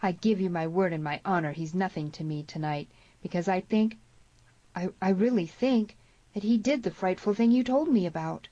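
A woman's voice: fairly low pitch, normal speed, dark tone, no room sound, dull audio, voice pushed up, natural voice. A woman voicing an earnest young frontier woman. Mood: pleading. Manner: urgent, heartfelt pleading. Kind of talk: audiobook character voice.

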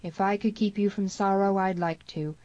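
A woman's voice: mid-range voice, steady tone, moderate pace, mellow, dry recording, highs cut off, voice pushed up, natural voice. A woman voicing a grave, stern young frontier man who speaks gloomily, in an audiobook.

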